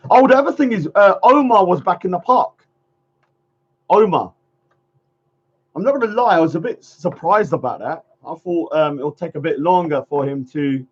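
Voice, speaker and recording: Dull lo-fi stream audio carries a man's fairly high, husky voice with a darkish tone. He's the host of a casual livestream, rambling along, laughing frequently, and trailing off partway through sentences.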